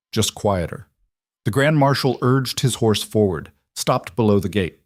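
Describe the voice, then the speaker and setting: A man narrating a dark fantasy story in measured, clipped dramatic phrases. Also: on the low side, lively intonation, no echo, studio quality. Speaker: audiobook narrator.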